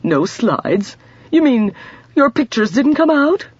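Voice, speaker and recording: Woman voicing a prim older spinster, stern and easily shocked, high lively delivery. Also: slow pace, slightly rough, dry recording, highs cut off, exaggerated voice.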